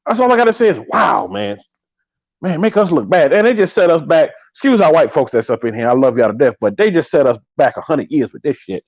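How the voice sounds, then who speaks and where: A man in his thirties hosting a live podcast, riffing with animated, joking commentary and drawn-out exclamations. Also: fairly high pitch, dry recording, lo-fi sound. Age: 30s. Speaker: podcast host.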